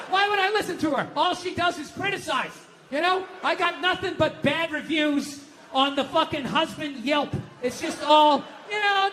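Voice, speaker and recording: Middle-aged man, Boston accent, stand-up comic with a very high voice, profane and ranting, faint hiss behind. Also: fairly bright tone. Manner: profane, ranting, self-mocking, acts out voices. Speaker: stand-up comedian. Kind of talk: stand-up comedy routine.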